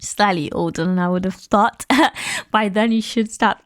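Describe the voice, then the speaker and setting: A woman's voice: mid-range voice, fairly even intonation, moderate pace, no room sound, studio quality. A young woman hosting a podcast, giving frank, opinionated commentary in a chatty way, laughing often and using lots of fillers. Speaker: podcast host.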